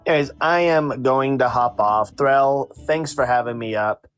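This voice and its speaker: A man chatting casually on a live panel, relaxed and joking as he signs off. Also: mid-range voice, normal speed, faint music behind.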